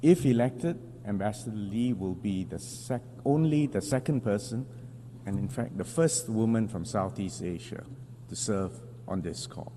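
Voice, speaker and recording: A man, a foreign minister, delivers a formal speech at an international assembly in a measured, deliberate way, pausing for emphasis and correcting small slips. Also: lowish voice, animated, dark tone. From Singapore. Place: large assembly hall. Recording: long hall reverb with faint hum.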